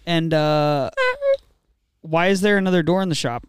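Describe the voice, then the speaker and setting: A man co-hosting a casual shop podcast, asking quick questions and teasing the others. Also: a little high, sing-song, smooth, no echo, studio quality. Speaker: podcast co-host.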